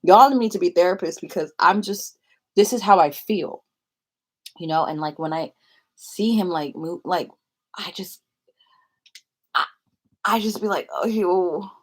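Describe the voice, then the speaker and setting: A woman's voice: on the low side, measured pace, pauses often, slightly rough. A young woman vlogging in a rambling confessional chat, full of filler likes and laughing often.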